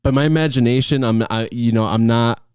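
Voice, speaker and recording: A young man talks straight to the camera with lively emphasis, hammering his points home by repeating them. His voice sits in an ordinary middle range. It sounds close and dry, with no room sound. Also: mid-range voice, fairly quick, clear, resonant tone, dry recording. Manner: energetic, emphatic, repeats key phrases. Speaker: acting coach vlogger. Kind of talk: casual advice talk to camera.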